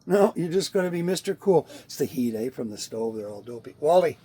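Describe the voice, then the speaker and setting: A man's voice: medium pitch, big pitch swings, fairly quick, mellow, slight background noise. A middle-aged Canadian man with a Canadian accent, chatting casually to the camera inside his RV and talking sweetly to his cats. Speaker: vlogger. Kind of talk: casual rambling chat to camera. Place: inside an RV near a wood stove. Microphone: handheld camera.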